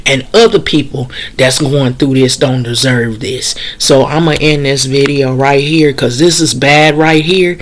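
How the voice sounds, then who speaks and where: Woman vlogger, outspoken and fired up, talks straight with casual slang, opinion piece to camera. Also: low voice. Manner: blunt, impassioned, plainspoken with slang. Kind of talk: opinion vlog commentary.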